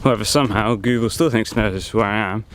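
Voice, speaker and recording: A man's voice: lowish voice, fast, slight background noise. A man vlogging outdoors in a forest, chatting and joking as he thinks aloud into a handheld camera. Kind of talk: casual vlog commentary.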